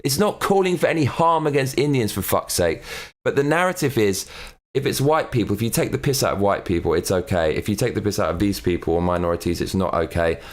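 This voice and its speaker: A man's voice: on the low side, animated, fast talker. A man hosting an opinionated commentary show, blunt and sweary as he rants. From England. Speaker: host.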